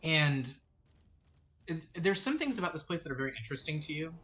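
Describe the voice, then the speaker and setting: A man acting as dungeon master, describing a scene and laying out choices for the players in a measured storytelling manner. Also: a little high, big pitch swings, bright, forceful tone. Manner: descriptive, measured storytelling with sudden quick asides. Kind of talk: narrating a tabletop game.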